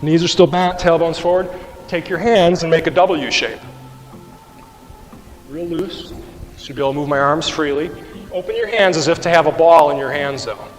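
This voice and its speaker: Man, exercise class instructor, patient and chatty, slightly high voice, long hall echo, faint music. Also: normal speed, pauses often. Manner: patient, conversational, asks the class questions. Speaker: qigong and mobility instructor. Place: rehab class room with floor tiles.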